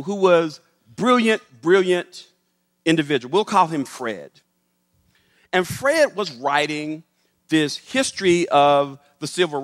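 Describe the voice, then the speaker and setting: A middle-aged man, a professor, telling a story to an audience in an animated way and acting out the voices. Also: on the high side. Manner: animated, acts out the voices in his stories. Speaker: professor giving a talk. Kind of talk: storytelling public talk. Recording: long hall reverb.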